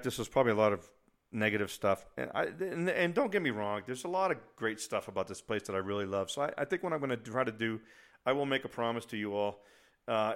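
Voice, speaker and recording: A man's voice: on the low side, a bit bright. A middle-aged man hosting a casual podcast, ranting in an exasperated, rambling way and poking fun at himself. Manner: exasperated, rambling, self-mocking. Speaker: podcast host.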